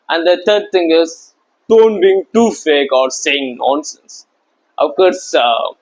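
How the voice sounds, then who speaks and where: A man's voice: a little high, poor audio. A young man giving casual, chatty advice on small talk, loose and often laughing. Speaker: social skills coach.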